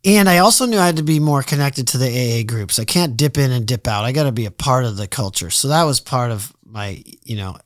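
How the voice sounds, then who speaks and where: A middle-aged man, a podcast guest, telling his story in a casual, animated way, acting out his past thoughts and swearing freely. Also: mid-range voice, a little fast, hardly any pauses, dry recording, studio quality.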